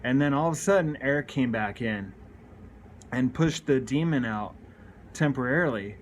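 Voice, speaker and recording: Earnest male recovery speaker in his thirties, confessional and unpolished, restarting his sentences, middle pitch. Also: lively intonation, moderate pace, slight background noise. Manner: candid and earnest, with frequent restarts. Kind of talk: personal confessional story.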